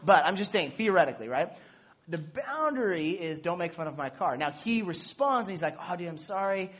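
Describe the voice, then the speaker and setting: Husky-voiced male preacher, animated. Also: high-pitched, fairly quick. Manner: animated, playful asides, acts out dialogue. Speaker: pastor. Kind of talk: sermon.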